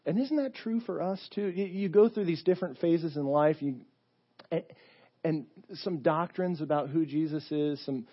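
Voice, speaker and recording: A male pastor preaches in a relaxed, conversational storytelling manner. His voice is husky and a bit high, and the church recording sounds dull and lo-fi. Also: normal speed. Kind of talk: sermon.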